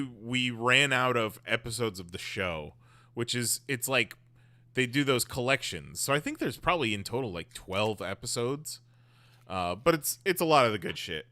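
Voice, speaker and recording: Bright, crisp-voiced man chatting on a podcast. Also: mid-range voice, dry recording. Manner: rambling, filler-heavy, swearing. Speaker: podcast host. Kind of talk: casual chat.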